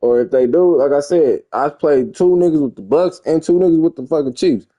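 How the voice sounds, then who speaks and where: A man's voice: fairly high pitch, fairly quick, mellow. Profane, rambling young gamer man. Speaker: gamer streamer. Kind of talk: casual gameplay commentary.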